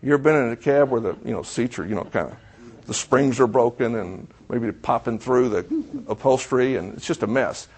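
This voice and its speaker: Speaking fairly quickly in a mid-range voice that is a little mellow and slightly rough, a middle-aged preacher tells a story as a sermon illustration. He performs the dialogue himself and asks the congregation questions along the way.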